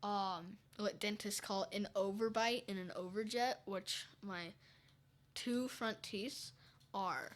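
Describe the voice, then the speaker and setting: A woman's voice: medium pitch, steady tone, slow pace. A woman guest on a casual podcast, chatting in a rambling, chatty way with many restarts. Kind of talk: casual chat.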